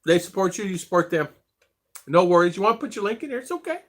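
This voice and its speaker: A middle-aged man hosts a casual livestream, chatting easily and greeting viewers one by one. His voice is bright and sits a little high, and his pitch moves a lot as he talks. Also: sing-song, quick pace. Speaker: livestream host.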